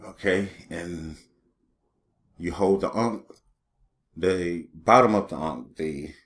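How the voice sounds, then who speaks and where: A man with a very low voice talks loosely and unscripted, circling back with repeated "you know"s as he guides listeners through a meditation exercise. His delivery is conversational and meandering. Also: takes it slowly. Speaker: small channel host teaching meditation. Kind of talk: unscripted spoken guidance.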